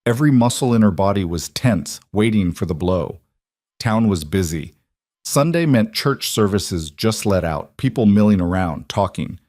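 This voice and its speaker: Low, dry-voiced male storyteller. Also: expressive, normal speed, darkish tone, no echo. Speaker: narrator. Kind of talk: scripted western story narration.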